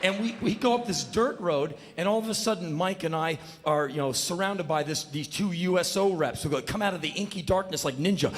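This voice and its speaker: A man telling a comedic spoken word story on stage, punchy and animated. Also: sits high, fairly quick, hardly any pauses. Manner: animated, punchy, bursts into shouts. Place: stage in a large hall. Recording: long hall reverb, live show.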